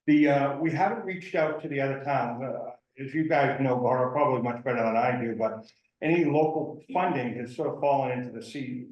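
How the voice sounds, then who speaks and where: A man's voice: medium pitch, fairly quick, muffled recording. Hesitant man presenting in a roomy hall. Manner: hesitant, uses fillers, explains funding. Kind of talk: town meeting presentation. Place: town meeting room.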